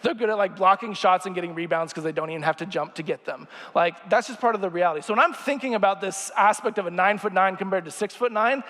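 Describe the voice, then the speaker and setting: A man's voice: high voice, quick pace, few pauses, bright, forceful tone, in a large hall. A young man preaching a casual sermon, chatty and joking and asking the crowd questions, in a church sanctuary.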